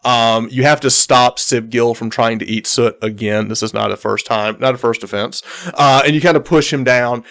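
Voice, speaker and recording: A man's voice: mid-range voice, steady tone, normal speed, hardly any pauses, a bit bright. A man narrating as game master in a tabletop game, hesitant, with many fillers and repeated words.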